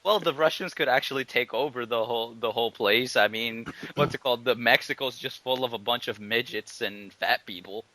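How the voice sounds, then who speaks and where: A man's voice: mid-range voice, fairly quick, hardly any pauses, sharp tone, poor audio. A man in casual comedic chat, spinning absurd scenarios and laughing a lot.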